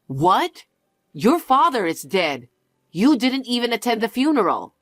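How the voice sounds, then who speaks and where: A woman voicing a frantic middle-aged mother who pleads, pushes and keeps repeating herself, in a lower, heavier register. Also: big pitch swings, a little slow, a bit bright, dry recording, clean studio sound. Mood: pleading. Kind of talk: dialogue story acting.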